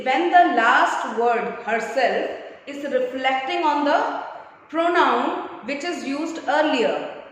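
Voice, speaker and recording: A woman's voice: high voice, a bit bright, slight background noise. A woman teacher with an Indian accent explaining grammar, switching between English and Hindi. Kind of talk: grammar lesson. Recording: echoey room with long reverb.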